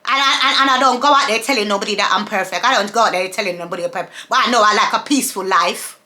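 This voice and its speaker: Speaking very fast in a mid-range voice that sounds pushed and bright, a woman vlogger addresses her camera. She's an adult mother of several children, and her casual monologue is an emphatic, repetitive rant heavy on rhetorical questions.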